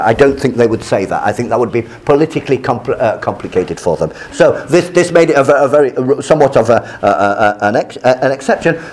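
Animated man lecturing, lively pitch. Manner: animated, acts out quoted voices, many restarts; switches to French asides. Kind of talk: university lecture on politics.

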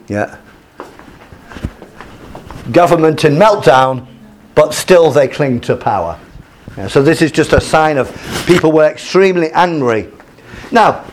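A man's voice: medium pitch, darkish tone. Hesitant male lecturer with many fillers. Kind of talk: lecture with slides.

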